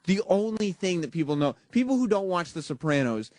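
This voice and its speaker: A man's voice: high-pitched, big pitch swings, brisk, darkish tone, slight background noise. A man hosting a radio show, chatting and teasing his co-host in casual studio banter, with many fillers.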